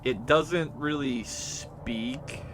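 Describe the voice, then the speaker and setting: A man's voice: medium pitch, drawn-out words, background noise. A man recapping his tabletop campaign as game master, rambling and hesitant with many fillers and restarts.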